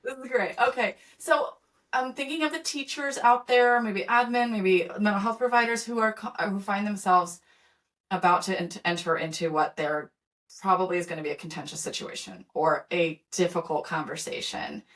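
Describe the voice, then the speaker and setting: A woman's voice: medium pitch, steady tone, moderate pace, a bit bright. A middle-aged woman hosting an interview, talking casually with many fillers and restarts. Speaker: podcast host.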